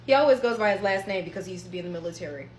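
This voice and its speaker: A woman telling a personal story in a casual, animated way, swearing often and talking straight to her viewers. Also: mid-range voice, rapid-fire, roomy sound, slight background noise.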